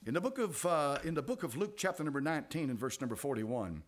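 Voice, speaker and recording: An older man with an East Tennessee accent preaching a sermon as pastor, dropping to quiet asides and rising to loud exclamations. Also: on the high side, animated, fast. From United States.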